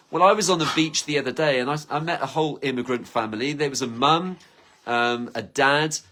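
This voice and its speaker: A man talks straight to his viewers in a loose, rambling monologue. He jumps from one idea to the next with eager enthusiasm. His pitch sits in an ordinary middle range, and he often slips into little acted-out conversations. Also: a bit bright, a little hiss or hum. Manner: rambling and enthusiastic, acts out imagined quotes. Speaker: channel host.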